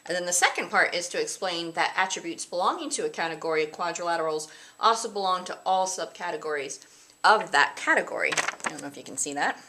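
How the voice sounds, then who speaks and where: A woman's voice: fairly low pitch, expressive, fast, bright, forceful tone. A woman teacher giving a recorded math lesson to her students, chatty and casual, breaking into sing-song mnemonics. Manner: chatty, explains with sing-song mnemonics and playful put-on voices.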